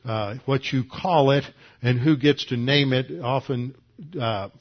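A man preaching a verse-by-verse Bible teaching in a measured, explanatory way, with frequent fillers and restarts. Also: medium pitch, steady tone, dull audio.

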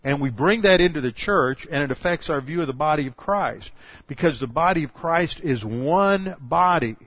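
An older man preaching a sermon, animated and full of rhetorical questions, often restarting his sentences. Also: on the high side, no echo. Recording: dull lo-fi dry sound.

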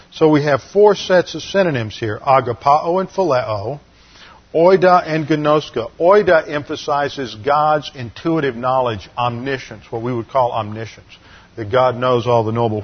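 A man's voice: mid-range voice, breathy edge, highs cut off. A man teaching a sermon lecture on scripture, explaining word meanings methodically and often restarting his sentences. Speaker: Bible teacher.

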